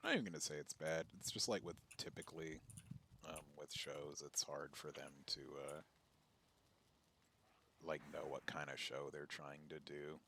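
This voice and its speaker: A man's voice: extremely low pitch, steady tone, moderate pace, bright, forceful tone, a little hiss or hum. A man chatting casually with friends during a game stream, rambling, cursing and laughing as he tells stories. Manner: profane, laughing, rambling storyteller. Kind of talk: casual chat while gaming.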